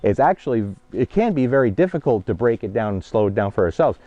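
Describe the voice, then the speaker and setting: A dog trainer talks plainly and directly, pausing every so often to check that viewers are following along. His mid-pitched voice comes through dull and muffled, as if from a half-broken mic. The sound is dry, with almost no room echo. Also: big pitch swings, dark tone. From New Jersey, USA. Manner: direct, conversational, keeps checking in with "okay?" and "guys". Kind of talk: instructional vlog while training a dog.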